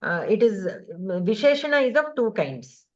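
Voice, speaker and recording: A woman teaching a grammar class over a video call, explaining patiently step by step with many pauses and fillers. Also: medium pitch, sing-song, lo-fi sound.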